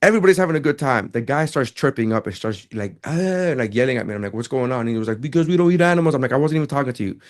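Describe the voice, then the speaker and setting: Fast-talking man telling a comedy story. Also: medium pitch. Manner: animated, acts out dialogue in quotes. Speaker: podcast co-host, comedian. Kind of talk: casual storytelling chat.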